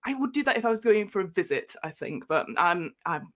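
A woman's voice: medium pitch, a little fast. A young woman from England on a podcast, telling a story in casual chat and laughing often as she goes. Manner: laughing storyteller, animated retelling. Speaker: podcast guest.

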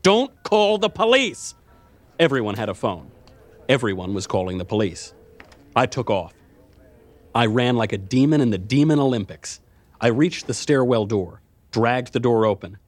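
A man's voice: on the low side, moderate pace, a little mellow. A man narrating a first-person adventure story in a tense, driving way.

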